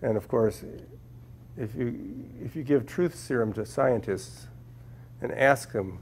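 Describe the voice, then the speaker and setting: A man's voice: medium pitch, lively intonation, slow, a little mellow, slight background noise. A man from Minnesota speaking to a class as a guest scientist, telling humorous stories and often repeating words as he finds them. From Minnesota, USA. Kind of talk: anecdotal talk to a class. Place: lecture room with a live audience.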